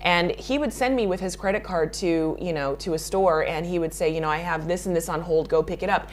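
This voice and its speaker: A woman's voice: lowish voice, brisk, a little hiss or hum. A woman makeup artist answering interview questions in a chatty way, laughing often and restarting her sentences.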